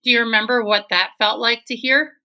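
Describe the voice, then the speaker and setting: A woman's voice: fairly high pitch, fairly even intonation, fairly quick, sharp tone. A woman interviewing a guest, asking encouraging questions in a casual interview.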